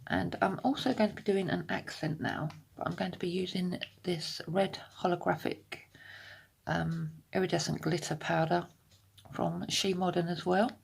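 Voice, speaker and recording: Woman, husky, low-pitched, casual nail tutorial, chatty, half-whispered asides. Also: fairly even intonation. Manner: chatty, slow and explanatory, drifting into half-whispers. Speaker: nail art vlogger. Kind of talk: casual step-by-step tutorial narration. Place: home room at her desk.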